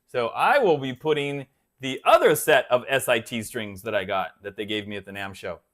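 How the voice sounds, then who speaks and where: A man's voice: mid-range voice, lively intonation, moderate pace, fairly bright tone. A man hosting a guitar channel, chatting casually on a live stream and rambling until he loses his thread.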